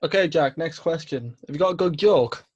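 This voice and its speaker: A young British man hosting a casual interview podcast, relaxed and agreeable, laughing easily. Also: on the high side, brisk, breathy edge, highs cut off. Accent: British English. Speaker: podcast host.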